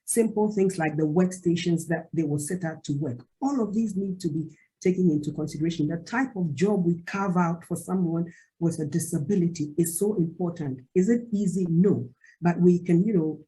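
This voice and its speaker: A woman's voice: lowish voice, warm tone, husky, low-quality recording. A woman panelist making an emphatic, persuasive case in an online discussion.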